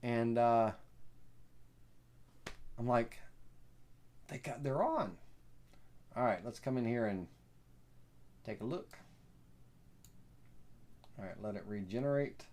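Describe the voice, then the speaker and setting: A man with a Southern US accent hosting a live software tutorial, rambling and folksy with lots of fillers. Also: medium pitch, fairly even intonation, takes it slowly, long pauses. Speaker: host.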